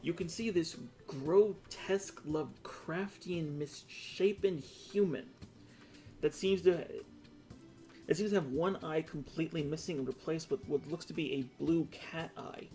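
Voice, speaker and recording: A man's voice: fairly high pitch, unhurried, warm tone, faint music behind. A man narrating as game master in a tabletop game, describing scenes loosely with fillers.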